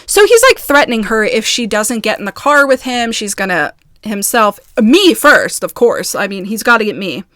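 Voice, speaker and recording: A woman vlogger in a casual video, reading messages aloud in quick bursts and breaking off in agitated, halting asides. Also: medium pitch, animated, bright, forceful tone, dry recording, studio quality. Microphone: phone.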